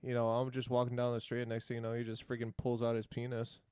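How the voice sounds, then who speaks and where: Podcast guest, man, smooth resonant voice, rambling casual anecdote, dry sound. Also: medium pitch, monotone, fast, darkish tone, no echo. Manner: rambling, filler-heavy. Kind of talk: casual storytelling.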